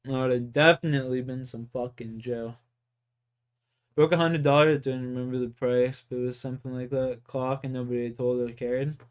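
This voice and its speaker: A man's voice: mid-range voice, fairly even intonation, normal speed, clear, resonant tone. A young man from Canada telling rambling, profane stories in casual chat. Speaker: gaming streamer. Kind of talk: casual storytelling.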